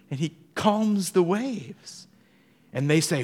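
A middle-aged man, a pastor, preaching a sermon and telling Bible stories with lively acted-out voices of the people in them. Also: high voice, unhurried. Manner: animated storytelling, acting out voices of the people in the story.

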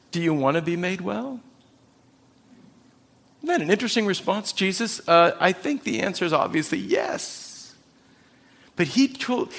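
Pastor guy preaching, kinda high voice, acts out the quotes, slows way down on the big lines. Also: fairly bright tone. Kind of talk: sermon.

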